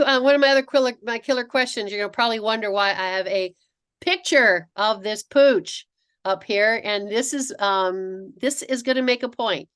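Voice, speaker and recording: A middle-aged woman giving a webinar presentation to dentists. She tells stories in an animated way, acting out quotes and often restarting her sentences. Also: mid-range voice. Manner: animated storytelling with acted-out quotes, frequent restarts. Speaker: dental practice consultant.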